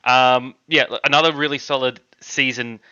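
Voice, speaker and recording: A man's voice: medium pitch, fairly even intonation, normal speed, pushed and bright, smooth, highs cut off. A man from Australia co-hosting a casual fantasy draft chat, rambling and correcting himself as he picks. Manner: rambling, self-correcting, easily laughs at himself. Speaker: co-host.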